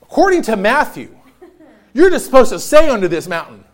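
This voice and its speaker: A man's voice: extremely high pitch, sing-song, fairly quick. A man preaching a sermon as pastor in a church, joking and storytelling with frequent laughter. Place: church sanctuary.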